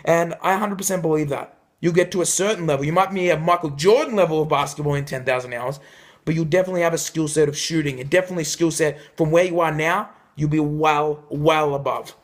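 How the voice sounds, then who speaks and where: A young man coaching viewers in an emphatic motivational talk to camera, shifting his pitch for effect. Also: quick pace. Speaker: life coach.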